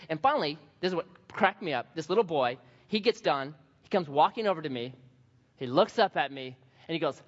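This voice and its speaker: A man's voice: on the high side, fast. A man preaching a sermon as pastor, telling funny stories and repeating lines for emphasis. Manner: animated, humorous storytelling with emphatic repetition. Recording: dull sound, long hall reverb.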